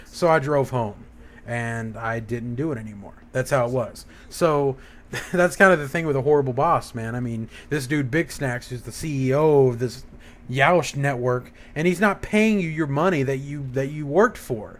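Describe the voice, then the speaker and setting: A man's voice: mid-range voice, moderate pace. A young man hosting a gaming channel, telling a rambling, profanity-laced story in a casual, heated rant.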